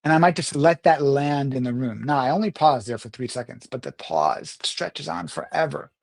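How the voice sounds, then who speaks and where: Middle-aged male speaking coach, animated delivery. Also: normal speed, creaky. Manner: animated, swings pitch and loudness to demonstrate. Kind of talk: talk to camera on communication skills.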